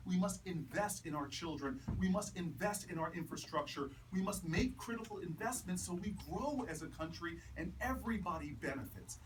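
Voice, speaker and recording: Man giving a rousing stump speech. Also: high-pitched. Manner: rising from measured to loud, laughing punchlines. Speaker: politician speaking at a campaign event. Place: house party, indoors. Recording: distant mic with background noise. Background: crowd laughter.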